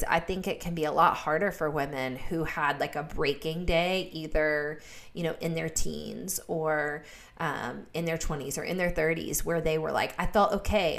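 A woman in her thirties talks with earnest conviction, leaning on repetition to press her points. Her voice sits a little low for a woman. She sounds like a guest in a relaxed faith-based podcast chat. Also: vocal fry. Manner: earnest, repeats words for emphasis. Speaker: guest speaker.

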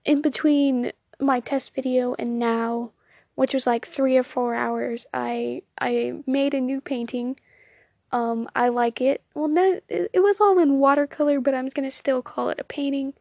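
A woman's voice: sits high, a little mellow, no echo, studio quality. A young woman with a Southern US accent, hosting an amateur podcast into her phone and chatting casually with lots of ums and self-deprecating laughs. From Southern United States. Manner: rambling, self-deprecating, giggly, many ums. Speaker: podcast host. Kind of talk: casual solo podcast chat.

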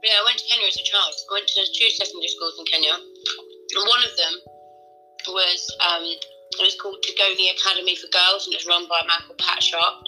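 A woman's voice: on the low side, steady tone, fast talker, pushed and bright, faint music behind, poor audio. A woman co-hosting a casual podcast, rambling playfully and swearing freely as she chats. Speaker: podcast co-host. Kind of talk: casual chat. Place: Devon, England.

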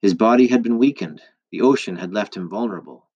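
A man voicing a wise, gentle old woman who explains things to a grieving man in a calm, measured way, in a dull lo-fi recording. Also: fairly low pitch, slightly rough.

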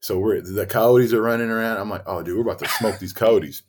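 A man co-hosting a podcast, telling a story in casual chat, lively and swearing as he acts out quotes. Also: lowish voice, a little fast. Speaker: podcast co-host.

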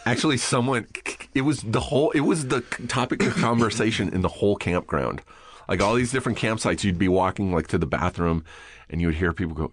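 A middle-aged man telling a casual story as a podcast guest, animated and profane, often laughing. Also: lowish voice, a little fast.

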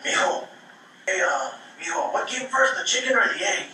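A crude old father tosses off dirty one-liners in a deadpan way, as a man puts him on during a stand-up bit. The voice sits high and bright. It echoes through a roomy space, heard from far off the mic with a faint hiss behind. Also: normal speed, gravelly, heavily acted. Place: small coffee-house stage. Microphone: stage mic.

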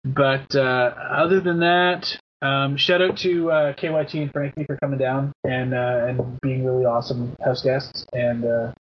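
A man in his thirties hosting a podcast in casual chat, rambling through shout-outs with many fillers and the odd swear word. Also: medium pitch, fairly even intonation, unhurried, slight background noise. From Canada. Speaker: podcast host. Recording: dull lo-fi podcast audio.

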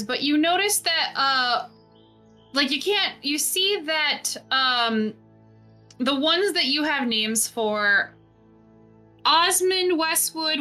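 A woman's voice: high-pitched, pushed and bright. A woman running a tabletop game as game master, narrating in a chatty way with many fillers.

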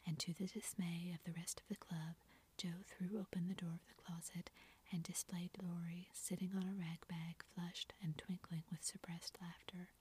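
A woman narrating a classic story in a soft, steady whispered role-play. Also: fairly low pitch, moderate pace. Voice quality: breathy whisper.

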